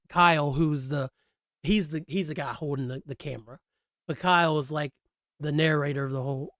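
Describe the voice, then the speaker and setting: A man hosting a solo podcast in a relaxed, slangy, rambling chat on a close mic. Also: on the high side, no echo. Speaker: podcast host.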